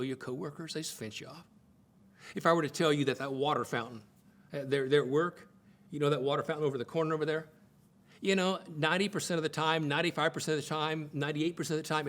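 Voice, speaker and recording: A middle-aged man teaching on marriage in a conversational preaching style, stressing points by repeating phrases and jumping in pitch. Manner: emphatic, repeats phrases for stress, jumps to high excited pitch. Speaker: Bible teacher.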